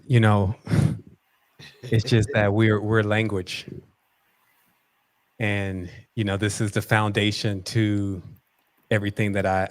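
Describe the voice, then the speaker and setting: A man with a low, flat voice speaks as a guest in a casual discussion. He explains his ideas in a reflective, measured way.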